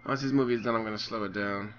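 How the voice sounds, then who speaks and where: A man's voice: lowish voice, steady tone, rapid-fire, highs cut off, heavy background noise. A man hosting a let's play, commenting casually and thinking aloud with frequent ums as he runs a movie studio. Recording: voice over loud game music.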